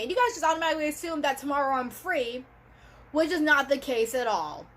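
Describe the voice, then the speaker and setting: A woman's voice: sits high, quick pace, a bit bright. A woman vlogger talking straight to her camera in a casual, rambling monologue, full of fillers like "you know" and "like.".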